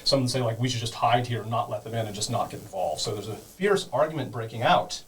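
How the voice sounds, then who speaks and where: A man's voice: mid-range voice, quick pace, distant mic, low-quality recording. A man narrating as game master, explaining things casually, with many fillers. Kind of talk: teaching and narrating a tabletop game.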